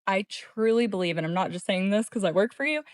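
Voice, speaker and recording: A woman's voice: mid-range voice, animated, fast talker, clean tone, no echo, studio quality. A woman appearing as a guest on a podcast and chatting casually, eager and upbeat. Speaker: podcast guest, executive assistant.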